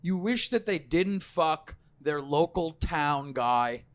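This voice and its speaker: Male co-host, high-pitched, quick affirmations, loose chatty delivery. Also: lively intonation, no echo. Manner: affirming interjections, laughs often. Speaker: podcast co-host. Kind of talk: casual banter.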